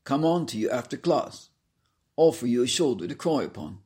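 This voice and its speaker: A man's voice: mid-range voice, sing-song, moderate pace, darkish tone, natural voice. A man voicing a nosy Cockney man with a teasing, prying manner, in a Cockney accent.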